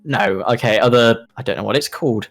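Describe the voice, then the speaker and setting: A British man co-hosting a casual gaming podcast, rambling and hesitant, often pausing with fillers. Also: mid-range voice, vocal fry, soft background music. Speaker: podcast co-host. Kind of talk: casual chat.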